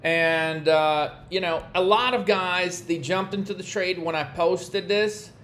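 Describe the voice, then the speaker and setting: Profane high-voiced man ranting. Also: a little slow, fairly bright tone, a little hiss or hum. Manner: profane, blunt, exasperated ranting. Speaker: trading coach. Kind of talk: ranting vlog monologue.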